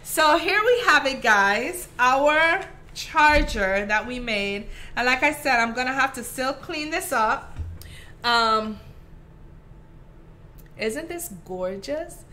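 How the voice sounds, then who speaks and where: A woman's voice: sits high, lively intonation, takes it slowly, bright, forceful tone. A woman with a Caribbean accent hosting a live craft tutorial, chatty and affectionate with her viewers. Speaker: craft host.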